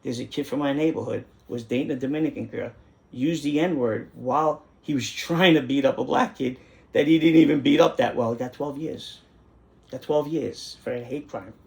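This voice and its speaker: A man's voice: medium pitch, normal speed, vocal fry, darkish tone. A middle-aged man, hosting a casual monologue in an indignant, rambling way that repeats phrases for emphasis. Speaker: host.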